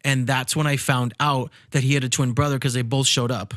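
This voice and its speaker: A man's voice: mid-range voice, little pitch movement, fairly quick, a bit bright, dry recording, studio quality. A man hosting a podcast, chatting casually and asking his guest friendly questions. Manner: friendly, asks questions, short affirmations. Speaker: podcast host. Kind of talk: casual chat.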